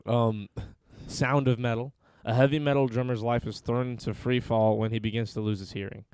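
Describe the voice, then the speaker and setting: A man's voice: medium pitch, fairly even intonation, moderate pace, darkish tone, smooth, no room sound. A man co-hosting a casual podcast, reading film synopses aloud with dry, sarcastic asides between them. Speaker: podcast co-host.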